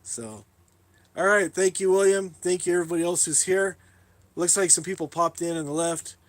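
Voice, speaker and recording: A man's voice: sits high, moderate pace, dry recording. Rambling man streaming from his workshop. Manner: rambling, self-mocking, laughs often. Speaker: live streamer. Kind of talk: casual live stream tour. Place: workshop in a shipping container.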